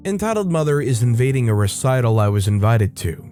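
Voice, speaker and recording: Male storytime narrator, mellow tone, casual wry asides, faint guitar behind. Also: mid-range voice, sing-song, a little fast. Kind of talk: reading Reddit stories with commentary. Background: faint guitar music.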